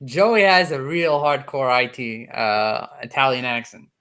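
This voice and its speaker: Guy on a livestream, bright voice that bounces around a lot, teasing. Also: lively intonation, unhurried, clean tone. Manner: playful, teasing, jumps in pitch. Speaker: livestream co-host. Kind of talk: casual livestream chat.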